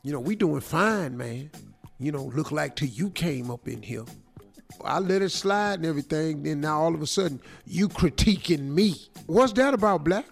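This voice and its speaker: A man hosting a radio morning show, giving comic advice in a joking, slangy, animated way. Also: on the high side, normal speed, creaky, soft background music. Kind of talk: comic advice talk, role-playing a letter writer.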